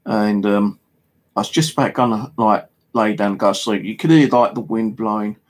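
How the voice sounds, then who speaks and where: In a home video monologue, a paranormal vlogger with an English accent tells a rambling, casual story loaded with fillers and swearing. His voice is on the low side and moderately paced.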